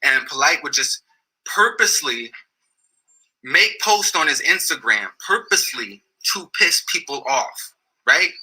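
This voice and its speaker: Blunt, husky-voiced man telling his story. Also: fairly high pitch, unhurried, poor audio. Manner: blunt, profane, animated when quoting others. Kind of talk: casual storytelling.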